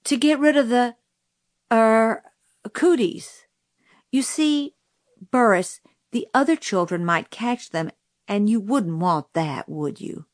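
A woman's voice: a little high, animated, slow, no room sound, clean studio sound. A woman voicing a polite, somewhat flustered female schoolteacher with a prim, proper way of talking. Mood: hesitant.

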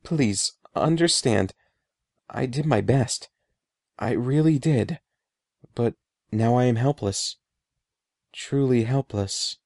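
A man's voice: mid-range voice, slow, pauses often, a little mellow, no room sound, clean studio sound. A man doing a trembling old sorcerer. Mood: pleading. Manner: trembling, pleading. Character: old bearded male sorcerer, sorrowful and helpless.

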